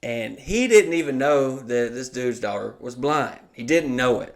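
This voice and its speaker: A man's voice: mid-range voice, expressive, a little slow. A man co-hosting a podcast, telling stories casually, swearing and laughing often and acting out the people he quotes. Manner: profane storyteller, laughs often, acts out quotes. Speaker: podcast co-host.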